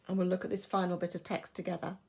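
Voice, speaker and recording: A woman's voice: fairly low pitch, flat delivery, quick pace, a little mellow, husky. A woman with an English accent, a primary school teacher, giving a recorded lesson and explaining patiently and expressively.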